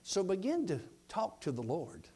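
A man preaching a sermon, telling a story in a folksy, rambling way and dropping his voice low when quoting others. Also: wildly swooping pitch, normal speed, dark tone, slightly rough.

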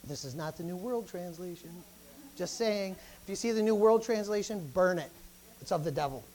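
A preacher delivering a fervent sermon, swinging from quiet asides to loud exhortation, with frequent calls of hallelujah and praise. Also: mid-range voice.

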